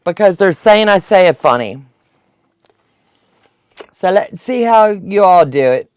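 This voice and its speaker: A woman's voice: lowish voice, expressive, measured pace, darkish tone, clear, resonant tone, no room sound. A woman, chatting and laughing as she teaches a quilting live stream. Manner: chatty, laughs often, talks to viewers. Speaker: quilting instructor. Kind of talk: casual live-stream tutorial.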